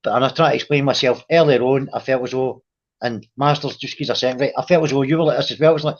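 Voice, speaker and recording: Man, quick talker, earnest, swears a lot, dull lo-fi sound. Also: medium pitch, steady tone. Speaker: panel guest. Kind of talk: casual chat.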